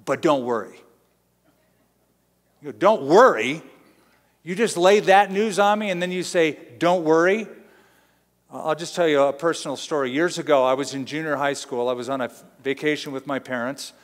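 A middle-aged man from Southern California preaches in a relaxed, conversational way, slipping into little acted-out quotes as he tells stories. His voice sits slightly high for a man. It rings out with the long reverb of a large church hall. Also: brisk, hardly any pauses. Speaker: pastor. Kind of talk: sermon.

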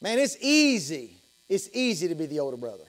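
A middle-aged male pastor with a Southern US accent preaching a sermon, emphatic, repeating phrases and swinging from loud to hushed. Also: a little high, big pitch swings, brisk.

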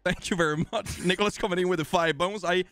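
A man's voice: sits high, fast talker, fairly bright tone, no echo, soft background music. A man with a Swedish accent hosting a live game stream, casually joking and thanking viewers. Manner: jokey, rambling, thanking viewers. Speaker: streamer host.

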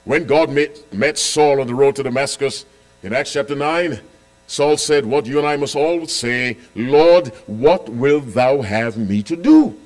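A man preaching a sermon as pastor, quizzing the congregation and repeating key lines, with loud emphatic declarations and quiet asides. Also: medium pitch, measured pace.

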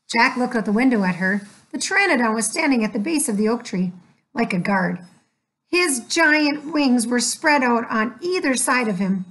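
A woman narrating a children's chapter book aloud, expressive and doing voices for the characters. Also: a little high, moderate pace. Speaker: audiobook narrator.

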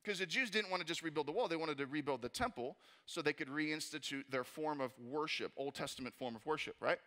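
A young man preaching a lively, jokey sermon as a pastor, repeating words and acting out voices as he goes. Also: on the high side, a little fast. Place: church auditorium.

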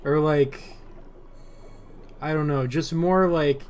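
A man's voice: a little high, fairly even intonation, takes it slowly, darkish tone, clear, resonant tone. A man co-hosting a casual video game commentary, dry and wisecracking. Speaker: let's play co-host.

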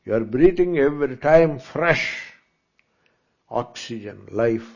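A man's voice: mid-range voice, expressive, takes it slowly, darkish tone. Indian guru guy lecturing a class, chatty, asks "eh?" a lot, muffled lo-fi recording. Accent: Indian English. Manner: conversational lecturing with rhetorical asks and Hindi asides. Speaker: spiritual teacher. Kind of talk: Vedanta discourse. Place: lecture hall in front of students.

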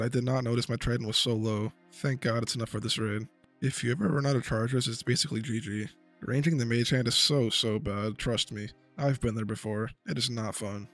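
A young man, a gaming video creator, gives casual voice-over commentary on his game progress, getting excitable and swearing when hyped. His voice is mid-range.

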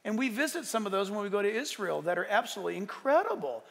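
Male pastor, high and gravelly, lively conversational sermon with sudden shouts; long church-hall reverb. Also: quick pace, few pauses. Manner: animated, conversational storytelling with bursts of shouting. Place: church sanctuary.

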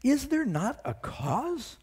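A man's voice: very high voice, wildly swooping pitch, slow pace, a little mellow, breathy edge, pitched above the performer's own voice, heavily acted. A man voicing an eager, indignant young shepherd who fires off pleading, incredulous questions.

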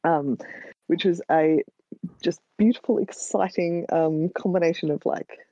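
A woman's voice: on the low side, measured pace, warm tone, dry recording. An Australian woman, a guest writer, chatting casually in a rambling, hesitant way full of ums, on a dull lo-fi recording. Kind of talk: casual chat. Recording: dull lo-fi sound.

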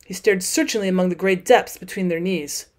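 A woman teacher narrating a classic short story as an audiobook in a steady, clear reading voice. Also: fairly low pitch, brisk.

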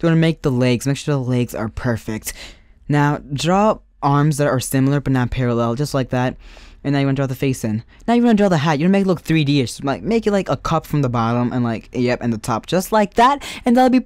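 A man's voice: mid-range voice, lively intonation, brisk, dry recording. Casual joking young guy storyteller. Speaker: YouTuber. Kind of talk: storytime vlog with drawing tutorial.

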